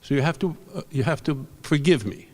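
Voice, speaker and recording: A man's voice: a little high, fairly quick. An older man giving an award speech at a convention. He tells rambling anecdotes and acts out what people said. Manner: rambling storyteller, animated quotes. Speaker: award presenter. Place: convention hall stage. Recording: reverberant hall.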